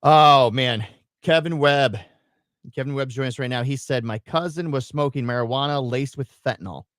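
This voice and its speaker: A man co-hosting a casual live radio chat, telling a personal story in an animated way and acting out the parts. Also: mid-range voice, normal speed, no room sound, studio quality. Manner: animated storytelling, acts out his own screams and quotes. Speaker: radio show co-host.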